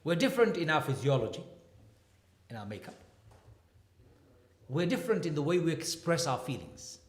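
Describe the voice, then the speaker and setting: Animated man lecturing in an echoey hall. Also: fairly high pitch, moderate pace. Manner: animated, joking storyteller. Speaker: imam and marriage counselor. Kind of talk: humorous lecture.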